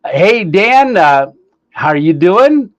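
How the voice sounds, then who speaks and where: A man hosts a casual livestream and reads out viewer comments, greeting people by name with plenty of fillers. His voice sits a little high. The sound is dull and lo-fi, with a clip-on mic that gets staticky. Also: big pitch swings, slow pace. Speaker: livestream host. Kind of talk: casual live chat reading viewer comments. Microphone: clip-on microphone, sometimes staticky.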